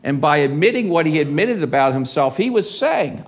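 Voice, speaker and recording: High-voiced man preaching with passion. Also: sing-song, moderate pace. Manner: impassioned preaching, rising loud on quotations. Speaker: pastor. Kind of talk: sermon. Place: church service.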